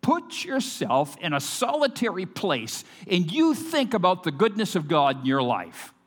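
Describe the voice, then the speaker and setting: A male pastor preaching emphatically, his voice high and very animated as it rises and drops. The sermon rings out with a long hall reverb behind it. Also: a little slow. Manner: emphatic preaching, swinging from loud to hushed.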